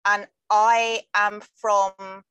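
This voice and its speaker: A middle-aged English woman, a comedian, talking in a wry, jokey way with quick asides in casual conversation. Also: mid-range voice, flat delivery, fairly bright tone, clean tone, dry recording, poor audio. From England. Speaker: comedian guest. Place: London.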